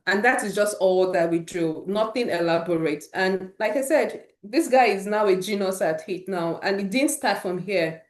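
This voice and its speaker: A woman at an ordinary mid pitch gives an informal talk to parents, earnest and encouraging as she shares stories from her own home. Her voice rings a little in a roomy, echoey space. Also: normal speed. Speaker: host of a parent support session.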